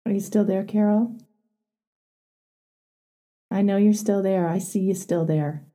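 A woman coach with a warm, mellow tone and a husky edge. She talks in a direct, encouraging way as she leads a live group session. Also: mid-range voice, fairly even intonation, unhurried.

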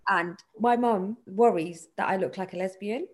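A young woman co-hosting a casual podcast, animated and laughing, mimicking relatives' voices as she talks. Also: mid-range voice, normal speed. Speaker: podcast co-host. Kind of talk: casual film discussion podcast.

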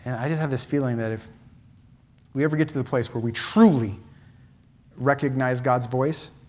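A man's voice: mid-range voice, normal speed, darkish tone. A man preaching a sermon in a church, impassioned, with repeated phrases and many restarts. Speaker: pastor.

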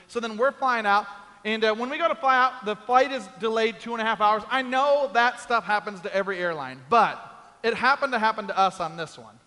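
A man's voice: very high voice, a little fast, bright, forceful tone, big-room sound. A man preaching a sermon, telling a comic story and acting out the quoted voices. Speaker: pastor.

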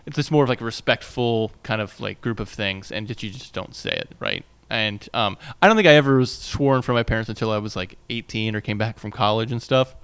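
A man's voice: fairly low pitch, very animated, brisk, vocal fry, hardly any pauses, fairly bright tone, clear, resonant tone. A man in his thirties co-hosting a podcast, talking casually and rambling with lots of fillers and restarts. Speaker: podcast co-host. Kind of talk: casual chat. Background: landscaping noise outside.

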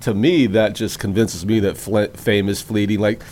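A middle-aged comedian in a casual chat, telling brash, profane anecdotes. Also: male voice, on the low side, fairly even intonation, a little mellow. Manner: brash, swearing, fast anecdotes. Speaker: comedian guest.

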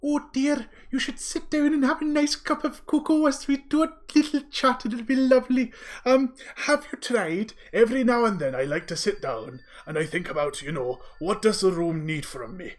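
A man voicing a talking magic mouth whose prim, motherly voice wanders between pitches. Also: moderate pace. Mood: fussy.

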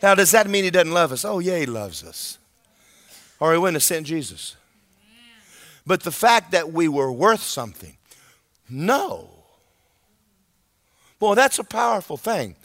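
Unhurried and leaving long pauses, a man with a fairly high voice preaches a sermon. His style is animated and conversational, emphatic, with frequent check-ins with his listeners.

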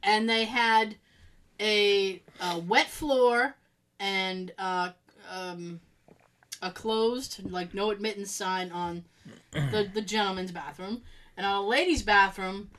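A woman telling a long story in casual chat, animated and laughing as she acts out what people said. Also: medium pitch, takes it slowly, poor audio.

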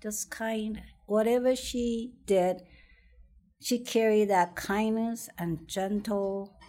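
A woman's voice: medium pitch, fairly even intonation, slow, warm tone. A middle-aged woman telling a personal childhood story in conversation, hesitant, repeating words and laughing often. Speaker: interviewee.

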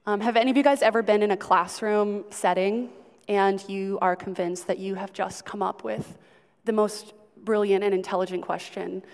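A woman's voice: medium pitch, fairly even intonation, normal speed, a little mellow. Chatty woman teaching in a reverberant hall. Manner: chatty, asks the audience questions, frequent ums. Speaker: Bible teacher. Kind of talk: conversational Bible teaching to a group. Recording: long reverb of a large hall.

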